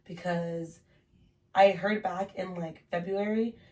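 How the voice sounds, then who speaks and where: A woman's voice: lowish voice, steady tone, takes it slowly, darkish tone, distant mic, a little hiss or hum. Twenties woman, chatty storyteller who swears casually, recorded a little off-mic. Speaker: podcast host telling her story. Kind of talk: casual podcast chat.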